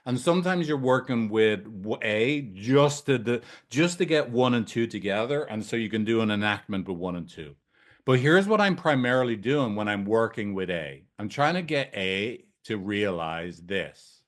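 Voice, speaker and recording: A man's voice: fairly low pitch, lively intonation, normal speed. A man, a couples therapist and trainer, teaching in a casual, blunt way, swearing freely and often checking in with "right?". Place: training room with whiteboard.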